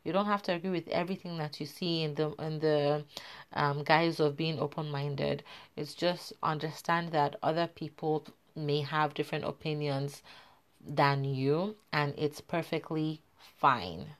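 A woman's voice: sits low, steady tone, unhurried. A woman hosting her podcast about motherhood, chatting casually with lots of fillers and a smile in her voice. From Africa. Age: adult mother. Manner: chatty, warm asides with fillers; smiling while talking. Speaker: podcast host.

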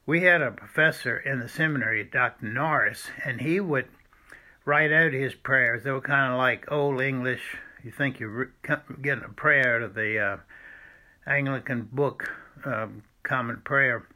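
A man recounts a personal church story. His voice is bright and forceful, and his delivery is halting, with many restarts and frequent throat-clearing. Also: medium pitch. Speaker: former seminary student telling a church story.

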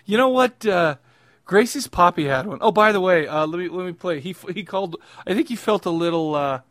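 A man's voice: sits high, expressive, brisk, fairly bright tone, no echo. A young adult man co-hosting a podcast, rambling through crude casual banter and laughing often. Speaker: podcast co-host. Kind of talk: casual chat.

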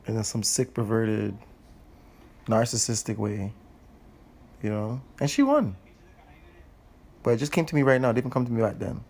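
A man telling a heated personal story in casual chat, animated, laughing and swearing as he goes. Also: medium pitch, normal speed, long pauses. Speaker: host.

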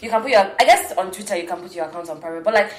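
A woman's voice: medium pitch, very fast. A woman co-hosting a podcast in casual chat, with a playful manner, laughing often. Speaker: podcast co-host.

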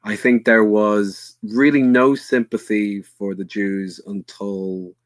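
An Irish man talks history on a podcast in a low, dry voice. He speaks with earnest bluntness, stops and restarts a lot, and swears now and then. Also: little pitch movement, slow pace, dry recording. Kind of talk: casual history discussion.

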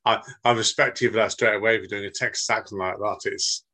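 A man's voice: lowish voice, steady tone, fast, bright, forceful tone. A British man hosting a podcast, friendly and rambling, calling his guest "mate". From Britain. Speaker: podcast host. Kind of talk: casual chat.

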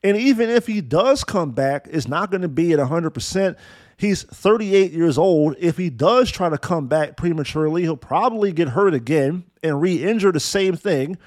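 Man, high-pitched voice, blunt profane sports rant, sarcastic, dry close sound. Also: lively intonation, normal speed, a little mellow, no room sound. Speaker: basketball podcast host. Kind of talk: casual opinionated sports rant.

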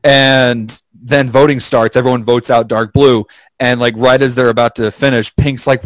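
At a moderate pace and medium pitch, this male podcast co-host spins lively tales in casual conversation, swearing constantly and voicing the quotes himself. The recording sounds dry and rough.

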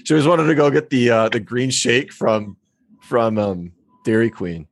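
A man with a lively, swooping voice co-hosts a relaxed chat show. He jokes around and tells anecdotes while laughing through them. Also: medium pitch, moderate pace. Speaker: podcast co-host. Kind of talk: casual chat.

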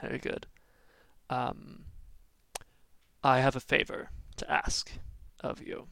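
Slow gravelly game master. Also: male voice, mid-range voice, completely flat delivery, fairly bright tone, no room sound. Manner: hesitant, lots of fillers and restarts. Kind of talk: narrating a tabletop game.

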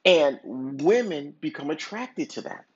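A podcast host with a somewhat high, slightly rough, sing-song voice slowly spins a long hypothetical story, rambling casually with plenty of filler words and restarts. The recording is dull and lo-fi.

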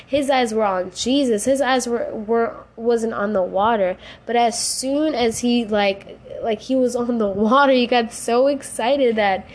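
A woman's voice: fairly high pitch, measured pace, hardly any pauses. A woman hosting a faith podcast, speaking casually and emotionally, tearful at times, slipping into slang and prayer. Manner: emotional, rising to cries and laughs, casual slang. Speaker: podcast host.

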